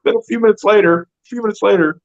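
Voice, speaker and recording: A man telling stories in casual podcast chat, animated and full of "like". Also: high-pitched, rapid-fire. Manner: animated storyteller, heavy use of "like". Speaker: podcast guest, comedian and wrestling trainer. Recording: dull lo-fi sound.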